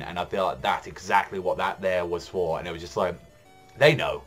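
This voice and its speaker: A man giving a casual, excited manga chapter review, rambling with lots of fillers and swearing. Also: deep voice, fairly quick.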